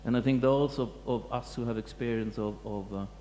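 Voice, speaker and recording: A man, a museum curator, giving a reflective talk to an audience, pausing and restarting often. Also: medium pitch, fairly even intonation, warm tone. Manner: halting, many restarts and fillers, reflective. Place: lecture hall. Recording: echoey hall with faint hum.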